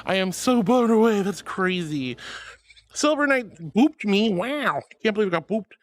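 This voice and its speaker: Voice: mid-range voice, lively intonation, a little slow. A streamer in casual live-stream chat, thanking viewers and calling them sweetie and honey, laughing often.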